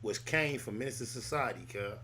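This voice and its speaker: A man's voice: mid-range voice, fairly quick, bright, forceful tone, slight background noise. A man hosting a podcast, telling stories casually in loose street slang. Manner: loose, rambling storytelling full of street slang. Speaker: podcast host. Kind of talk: casual chat.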